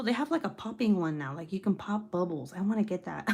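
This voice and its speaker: A woman's voice: medium pitch, sing-song, brisk, warm tone, slightly rough. A young woman hosting a casual livestream, chatting with viewers, swearing freely and laughing often. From United States. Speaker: livestream host reading viewer comments. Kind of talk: casual live chat.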